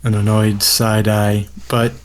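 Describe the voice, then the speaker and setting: Male player, low voice, understated, casual tabletop play. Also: completely flat delivery, slow pace.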